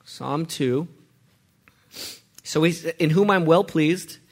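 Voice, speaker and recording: A man preaching with real energy, his voice a bit higher than most men's. He keeps tossing questions out to the congregation and answering them himself in a lively sermon style. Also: slow. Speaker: pastor.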